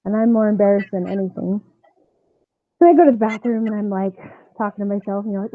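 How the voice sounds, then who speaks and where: A woman softball coach telling her own story as a guest, lively and acting out the voices of people she quotes. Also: mid-range voice, quick pace, no echo. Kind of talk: personal storytelling in an interview. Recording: tinny phone-line sound, dry.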